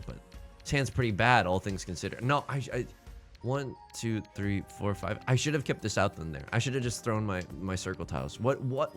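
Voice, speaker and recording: A man's voice: fairly low pitch, fairly bright tone. A man giving casual, self-deprecating commentary while playing a tile game, often restarting his sentences and playing up his despair. He says he is tired from little sleep. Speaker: let's play host.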